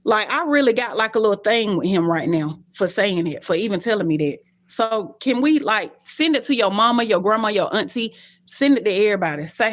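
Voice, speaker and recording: A young adult woman live-streaming to her viewers, telling stories animatedly, cussing bluntly and jumping in pitch. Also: lively intonation, brisk.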